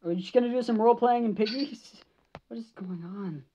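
A woman's voice: fairly high pitch, a little fast, dark tone, breathy edge. A woman gamer giving live gaming commentary, jumpy, swearing and shrieking at scares, on a slightly dull lo-fi mic.

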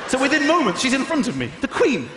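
A man doing stand-up comedy on stage, animated and acting out voices, shouting punchlines. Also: extremely high pitch, fast, background noise. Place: large hall with audience. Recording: echoey live hall, audience laughter.

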